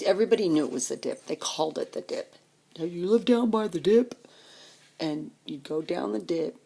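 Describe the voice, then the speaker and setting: Low, gravelly woman telling her life story. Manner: animated, reminiscing, acts out voices. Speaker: storyteller recalling her childhood. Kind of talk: personal storytelling.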